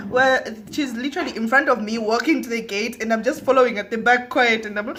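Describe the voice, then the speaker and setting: Woman, fairly high voice, casual storytime vlog, laughing, soft asides. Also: brisk, hardly any pauses, slight background noise. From Zambia. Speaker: vlogger. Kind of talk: storytime monologue.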